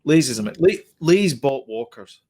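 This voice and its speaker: Man, podcast host, casual chat, rambling explanations, mid pitch. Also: animated, moderate pace, a little mellow. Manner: chatty, rambling, self-correcting explanations.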